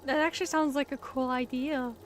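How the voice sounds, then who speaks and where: A young woman casually chatting while reacting to a silent film, rambling excitedly and filling her talk with "like". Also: sits high, fairly quick, slight background noise. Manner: rambling and excitable, heavy use of "like".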